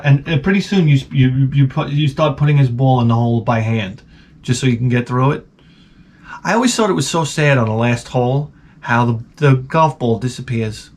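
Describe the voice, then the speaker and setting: Medium-pitched and moderately paced, this man runs his own channel, where he rambles through profane comic stories in a relaxed rant, frequently interrupting himself.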